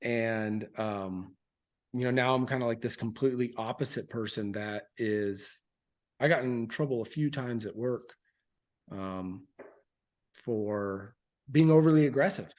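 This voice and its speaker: A man's voice: mid-range voice, unhurried, a little mellow. A man in his thirties, a military veteran, speaking as a podcast guest in a frank, earnest way with loose fillers and restarts. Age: 30s. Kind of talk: candid interview storytelling.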